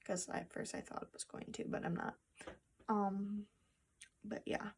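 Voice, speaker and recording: A young woman speaks to her phone camera in a home vlog, in a slow and even voice with a lot of vocal fry. She is soft-spoken and halting, breaking off and restarting her sentences with sad pauses. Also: medium pitch, whispered. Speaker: vlogger. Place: home room with a treadmill.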